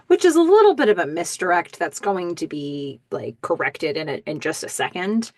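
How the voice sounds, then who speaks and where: A woman podcast host giving a casual episode recap in an animated, chatty way with many ums. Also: lowish voice, a little fast, hardly any pauses, dry recording, clean studio sound.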